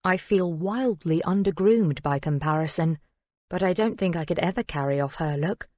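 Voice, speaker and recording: A woman narrating a first-person thriller audiobook in a measured, reflective storytelling manner. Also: lowish voice, darkish tone, no room sound.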